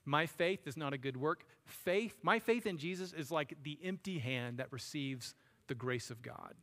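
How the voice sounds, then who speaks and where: A pastor preaches a sermon in a church sanctuary, conversational and posing rhetorical questions, his animated voice on the high side, a bit bright, at normal speed. Long hall reverb fills the recording.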